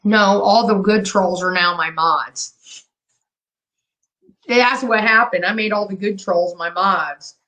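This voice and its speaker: A woman's voice: medium pitch, slow, long pauses, sharp tone, low-quality recording. A woman in her fifties runs a live stream and talks straight to her chat. She is brash and profane and taunts her viewers. She has been drinking as she talks. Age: 50s. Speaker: livestream host.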